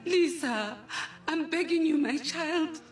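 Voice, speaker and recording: A woman's voice: sits high, takes it slowly. A woman playing a worried, soothing mother with a South African accent, pleading and consoling. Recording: distant mic, faint music.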